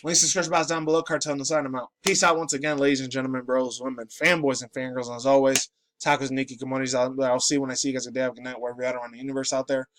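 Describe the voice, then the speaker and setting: Groggy guy in his late 20s ranting fast and swearing a lot, dry close sound. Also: mid-range voice, flat delivery, fairly bright tone, dry recording. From New York City. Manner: profane, ranting, rambling. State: groggy, just woken up. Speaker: pop culture vlogger. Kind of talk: casual ranting commentary.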